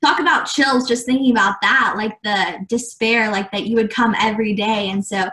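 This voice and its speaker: A woman's voice: fairly high pitch, fairly even intonation, normal speed, background noise. A young woman guest in a casual interview, telling a story earnestly, with many fillers, acting out what others said. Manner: earnest, many "like" fillers, acts out quoted dialogue. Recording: echoey room.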